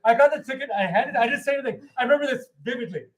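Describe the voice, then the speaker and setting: A man chatting while getting ready to cut hair, telling a long funny story with loud, laughing punchlines. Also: very high-pitched, racing. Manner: animated, laughing storyteller who shouts punchlines. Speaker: hairdresser. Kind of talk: casual storytelling chat.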